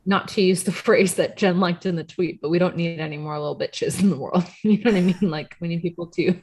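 A young woman co-hosts a chatty podcast, sarcastic and quick to laugh, swearing offhandedly. Her voice sits a bit low and carries a steady gravelly fry. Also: a little hiss or hum. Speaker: podcast co-host. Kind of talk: casual chat.

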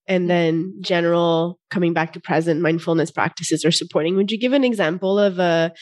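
A woman hosting a podcast interview, a yoga teacher who affirms her guest, sums up and asks calm questions. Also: lowish voice, no room sound, clean studio sound.

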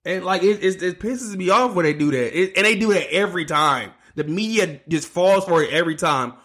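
A man's voice: high-pitched, brisk, a bit bright. A man hosting a solo sports podcast, ranting casually with lots of swearing and restarts. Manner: ranting, profane, restarts a lot. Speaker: podcast host.

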